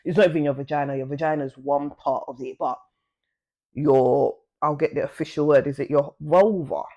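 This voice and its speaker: A woman chats through a personal story for her vlog. She talks loosely and uses plenty of slang. When she plays out bits of conversation, her voice leaps up in pitch. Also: steady tone, moderate pace, lo-fi sound. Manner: chatty and slangy, swings pitch to act out quoted talk. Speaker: vlogger. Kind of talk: casual storytelling to camera.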